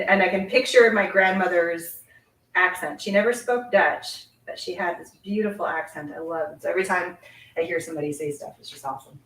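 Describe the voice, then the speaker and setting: Giggly, chatty Canadian-born craft host. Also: female voice, lowish voice, fairly bright tone. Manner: chatty, giggly, talks while working. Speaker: card-making host. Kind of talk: casual live craft demonstration. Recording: echoey room, mic set at a distance.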